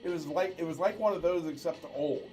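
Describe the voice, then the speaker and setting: A man with a slightly higher voice chats loosely on a livestream, wandering through stories and joking as he calls races. His talk is playful and rambling. Soft guitar music plays faintly underneath. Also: a little fast. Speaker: livestream co-host. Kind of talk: casual livestream chat.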